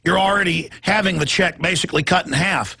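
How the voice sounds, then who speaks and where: Gravelly, bright-voiced ranting man. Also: high-pitched, fairly quick, a little hiss or hum. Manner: heated, repetitive, ranting, at times yelling. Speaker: talk show host. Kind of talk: political talk show rant.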